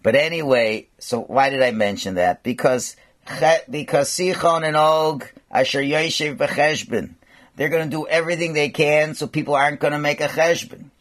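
A man giving a storytelling sermon as a rabbi, animated and sprinkled with Yiddish and Hebrew words. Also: a little high, moderate pace.

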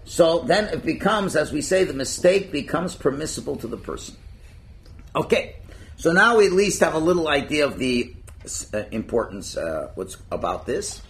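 A man teaching a religious class in a lively, conversational way, acting out little scenes and chuckling at his own points. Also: a little high, normal speed, creaky. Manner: animated, acts out quotes, chuckles at own points. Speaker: Torah teacher.

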